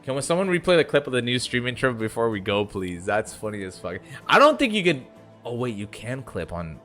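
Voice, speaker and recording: A bright, forceful young man with a US East Coast accent chats loosely on a live stream, swearing freely as he answers viewers. His pitch sits in the middle for a man. Faint music plays under his voice. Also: very animated, a little fast. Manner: loose, profane, reads chat aloud. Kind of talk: casual live-stream chat.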